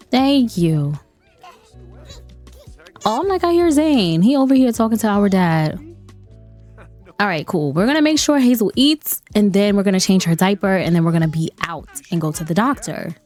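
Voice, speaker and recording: Brief: young woman gaming host, animated casual commentary, mid pitch, soft music underneath. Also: brisk. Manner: chatty and animated, laughs often, talks to viewers.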